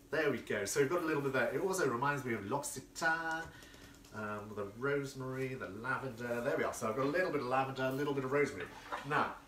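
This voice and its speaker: A man's voice: medium pitch, recorded from a distance, noisy background. Chatty camp male host, cooking demo, echoey kitchen a bit off-mic, dishes clinking behind. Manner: camp, effusive, chatty, reads out viewer comments. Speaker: florist hosting a live cooking stream. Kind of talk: casual live cooking demo. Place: home kitchen. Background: clinking cutlery and dishes.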